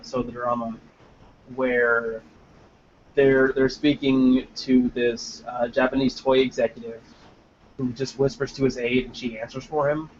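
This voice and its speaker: Young man with a light Southern accent, chatting. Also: medium pitch. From Georgia, US. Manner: rambling, with frequent fillers and restarts. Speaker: show host reading viewer questions. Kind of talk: casual livestream chat. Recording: dull lo-fi mic with faint background noise.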